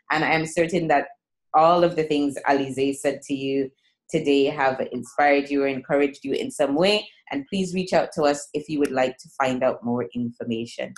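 A woman hosting a business podcast, encouraging her guest and listeners in a chatty way with fillers. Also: sits low. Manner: warm encouraging, rambling with fillers. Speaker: podcast host. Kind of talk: podcast interview and outro.

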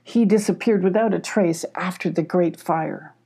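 A woman's voice: lowish voice, normal speed, warm tone, husky. A woman voicing a huge, wary male dog in a storybook reading, speaking bluntly and demandingly. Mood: serious.

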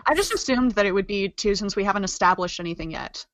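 A woman's voice: mid-range voice, quick pace, no room sound. A woman playing in a tabletop game, describing her moves in a rambling, stop-start way full of "like". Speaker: player. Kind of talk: casual tabletop play.

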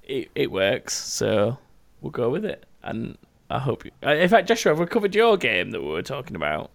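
A man's voice: mid-range voice, big pitch swings, normal speed, vocal fry. A man hosting a podcast, reading out listener stories in a rambling, jokey way and swearing freely. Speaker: podcast host.

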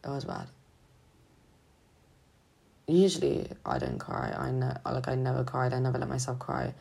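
A young woman student talking haltingly and hesitantly in a confessional vlog, sounding drained and low on energy. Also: huge pitch swings, vocal fry, dark tone, breathy edge. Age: young adult. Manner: halting, hesitant, full of restarts. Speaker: student vlogger.

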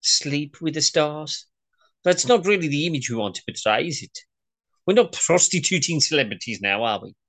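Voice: medium pitch, expressive, normal speed. A performer reading a demanding, impatient male boss on a call in a comedy table read, brusque and exasperated.

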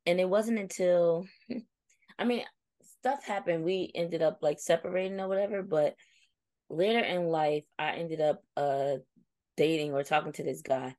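A woman's voice: on the low side, normal speed, dry recording. A young adult woman co-hosting a casual chat, telling a reflective story and acting out her friends' replies. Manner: reflective, storytelling, animated when quoting friends. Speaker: co-host.

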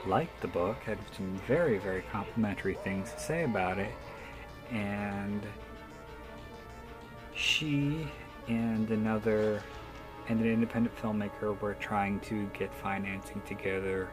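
Man, author, casual anecdotal storytelling, self-deprecating, swears, low-ish voice, faint music behind. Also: measured pace.

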